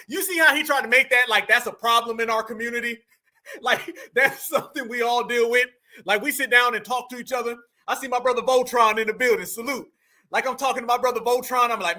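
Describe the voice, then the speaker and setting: Male streamer, very high, sharp voice, taunting and confrontational reaction rant. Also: a little fast. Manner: mocking, confrontational, slangy. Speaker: live-stream commentator. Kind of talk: heated reaction commentary.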